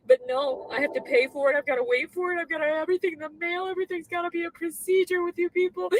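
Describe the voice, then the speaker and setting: A woman with a high voice on a livestream. She talks in an agitated, pleading way and swears a lot. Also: fairly even intonation, fast, hardly any pauses, dry recording, poor audio. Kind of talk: emotional livestream rant. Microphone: computer mic on a livestream.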